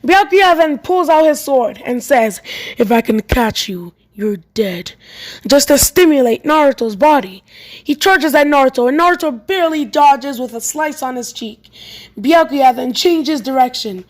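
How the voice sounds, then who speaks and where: A woman with a high voice reads a homemade fan story aloud. Her delivery is plain and unpolished, with frequent stumbles and restarted lines. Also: animated, normal speed.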